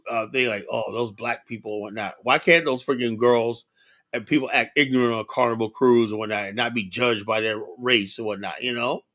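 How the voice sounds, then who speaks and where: A man's voice: medium pitch, a bit bright. A man hosting a livestream show, talking bluntly and casually in a rambling monologue, often adding "you know.".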